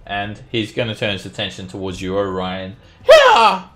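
A man's voice: sits low, level tone, a little fast, a bit bright, faint music behind. A man running an online tabletop game as dungeon master, narrating combat with frequent fillers. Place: home setup, playing online.

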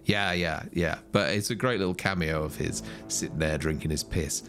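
A man's voice: low-pitched, moderate pace. A man co-hosting a film podcast, chatty and enthusiastic about the movie. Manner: enthusiastic, chatty, laughs at lines. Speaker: podcast co-host. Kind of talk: casual film chat. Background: faint synth music.

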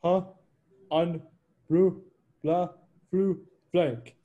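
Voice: medium pitch, fairly even intonation, extremely slow, phone-quality sound. An amateur performer reading a dim young male actor who is confidently clueless.

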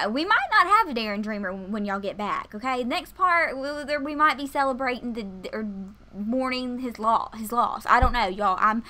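A young woman commentates a life-sim game, stammering as she panics. Her voice sits a little high, and she keeps turning to her viewers. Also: sharp tone. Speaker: gaming video host. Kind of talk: let's play commentary.

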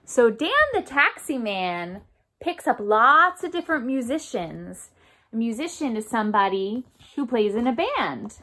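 Woman music therapist for small kids: high, unhurried, sing-song delivery. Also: very animated, bright, forceful tone. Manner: sing-song, coaxing teacher talk with call-and-response; imitates instrument sounds with her voice. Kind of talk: remote music lesson for young children.

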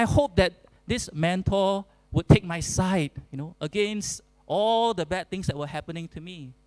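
Male pastor, earnest sermon delivery, unhurried and deliberate. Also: sits high, clear, resonant tone, no echo, poor audio. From Singapore. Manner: earnest, deliberate preaching with emphatic repetition.

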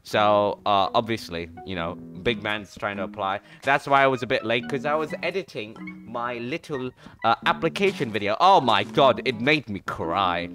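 A man's voice: on the low side, animated, moderate pace, music in the background. A man streamer giving casual, playful commentary while playing a game, often jumping into mock trash talk.

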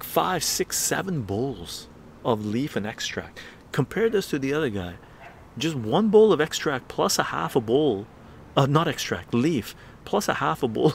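A man's voice: medium pitch, vocal fry, a little hiss or hum. A man hosting a livestream, telling a story casually with lots of swearing and laughter. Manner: profane, laughing, animated storytelling. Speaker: livestream host.

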